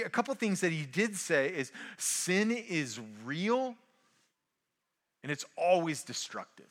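A man with a fairly high, bright and forceful voice delivers a sermon. He keeps the tone conversational, leans hard on key phrases and fills gaps with "like." It sounds like a pastor talking straight to his congregation. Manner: conversational, emphatic, frequent "like" fillers.

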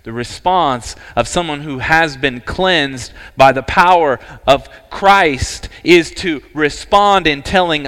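Male pastor, sermon, slow deliberate delivery, clear resonant voice, long hall reverb. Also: mid-range voice, fairly bright tone. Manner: earnest, emphatic preaching with dramatic pauses. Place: church sanctuary.

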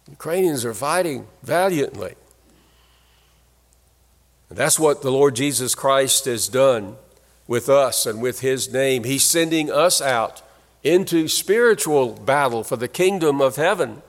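A man's voice: medium pitch, animated, unhurried, long pauses. A man preaching a sermon in an earnest, emphatic way, leaning hard on key phrases. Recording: long hall reverb.

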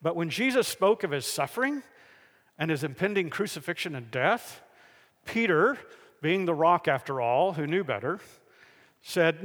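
A man preaching a sermon, telling the stories in a lively way and acting out the people in them. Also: a little high, moderate pace, long reverb tail. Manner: animated storytelling, acts out the figures in the stories.

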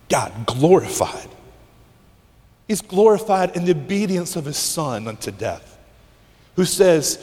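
A man pastor preaches with intense emphasis in a somewhat high voice, pausing dramatically and dropping to a hush. His sermon rings with a long hall reverb from the church sanctuary. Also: very animated. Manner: emphatic and intense, with dramatic pauses and sudden hushes.

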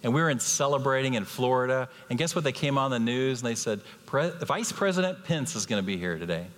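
Speaking fast in a mid-range voice, a guest preacher in his fifties animates his sermon stories by acting out characters' voices. The recording, made in a church sanctuary, carries long hall reverb.

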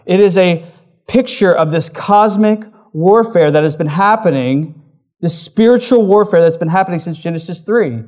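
A man preaching a sermon in a relaxed, conversational way, with frequent fillers like "like". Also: high-pitched, moderate pace. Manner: conversational, uses many fillers. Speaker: pastor.

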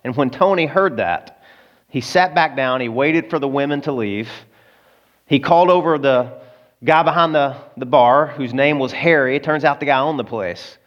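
A man's voice: medium pitch, moderate pace. A man preaching a sermon, telling a story in a conversational way with asides to the listeners, on a dull lo-fi recording. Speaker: pastor.

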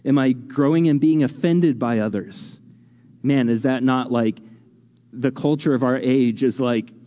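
A man pastor gives a casual, chatty sermon with a mellow, darker tone, stumbling over restarts and fillers as he thinks aloud. His voice carries a long reverb, as if filling a large hall. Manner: conversational, many fillers and restarts; rises in pitch acting out imagined voices. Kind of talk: sermon teaching.

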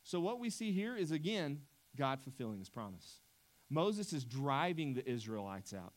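A man's voice: medium pitch, very animated, moderate pace. A man preaching a sermon as pastor, conversational and emphatic, often restarting his sentences.

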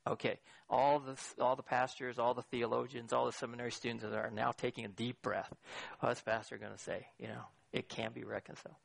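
A man's voice: mid-range voice, fairly quick, creaky, no echo. A middle-aged man preaching a sermon as pastor, asking the audience questions and swinging his voice up for emphasis. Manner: lively, questioning the audience directly.

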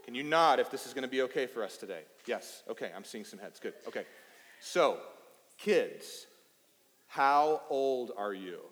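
Pastor in his thirties, from East Texas, middle-pitched, joking easily with kids, sanctuary echo. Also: lively intonation, moderate pace. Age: 30s. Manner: playful and chatty, addressing children. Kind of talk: sermon. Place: church sanctuary. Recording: reverberant hall.

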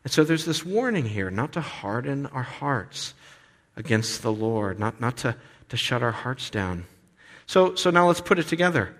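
A man preaching a sermon as pastor, animated and expressive, sometimes acting out the voices of complaining people. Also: medium pitch, moderate pace. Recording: long reverb of a hall.

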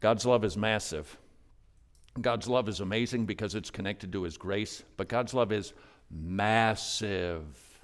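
A male pastor preaching a sermon, swinging from loud, emphatic lines to hushed, near-whispered ones. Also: lowish voice, measured pace.

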